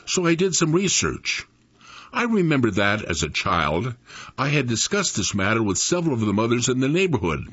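A man in his eighties reading his own memoir aloud in an expressive storytelling manner. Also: mid-range voice, moderate pace, breathy edge. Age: 80s. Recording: dull lo-fi recording.

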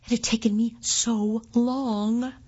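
A woman reading a first-person short story aloud with expressive narration. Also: on the high side, takes it slowly, husky, lo-fi sound. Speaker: volunteer reader.

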